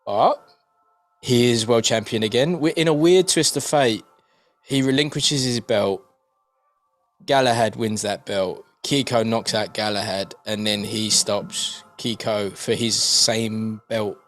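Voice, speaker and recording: A man's voice: on the low side, unhurried, soft background music. A man co-hosting a podcast, chatting casually and animatedly about boxing, swearing freely and jumping between points. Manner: animated, swearing, jokey with mimicked voices. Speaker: podcast co-host.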